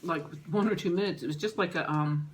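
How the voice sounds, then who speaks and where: A middle-aged woman vlogger telling a personal story in an emotional, halting way, with pauses and restarts. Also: lowish voice, darkish tone, slight background noise.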